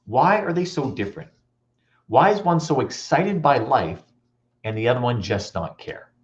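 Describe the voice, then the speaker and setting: A man's voice: medium pitch, normal speed. A man giving a motivational talk at a school assembly, telling stories and quizzing the audience. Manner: animated, storytelling, audience questions. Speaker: motivational speaker. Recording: dull lo-fi recording.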